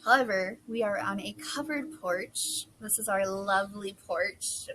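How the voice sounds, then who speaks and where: A young woman with a bright, forward voice, chatting in a loose, rambling, self-deprecating way while a little hoarse. She is recorded on a phone outside on a covered porch, with a faint outdoor hum behind her. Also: mid-range voice, moderate pace, few pauses, poor audio. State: losing her voice. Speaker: book vlogger. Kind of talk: casual chat. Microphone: phone camera.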